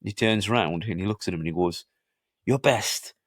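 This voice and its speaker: Deep-voiced, sweary man talking movies. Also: fast, no echo, clean studio sound. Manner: sweary, enthusiastic storytelling. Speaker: podcast co-host. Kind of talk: casual movie chat.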